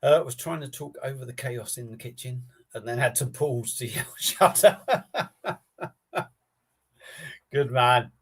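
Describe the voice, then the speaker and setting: A man hosts a relaxed live stream, talking off the cuff to viewers. His delivery is rambling and matey, with easy swearing thrown in. His voice sits at an ordinary middle pitch. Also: a little fast, slightly rough. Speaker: beer review streamer. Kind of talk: casual live-stream chat.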